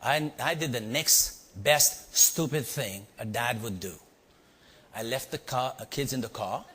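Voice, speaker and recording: A man from India with an Indian accent, telling a story to a live audience and quizzing them with quick asides. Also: medium pitch, husky. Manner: animated, quizzing the audience with "yeah?" and "right?". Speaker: leadership speaker. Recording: long hall reverb.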